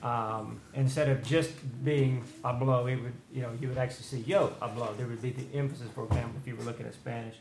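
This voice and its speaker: Halting man explaining, roomy sound. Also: medium pitch, steady tone, gravelly, darkish tone. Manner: halting, many fillers. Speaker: Bible study participant. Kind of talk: explaining text in group discussion. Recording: roomy with faint noise.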